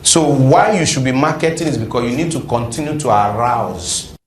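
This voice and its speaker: A man's voice: mid-range voice, lively intonation, normal speed, slight background noise. A man, teaching a sales class and quizzing his audience. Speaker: sales trainer. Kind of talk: classroom lecture.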